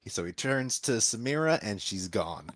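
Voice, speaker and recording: A man's voice: on the low side, sing-song, moderate pace, no room sound. A man playing a tabletop role-playing game, describing his character's turn and thinking aloud with hesitations. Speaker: player.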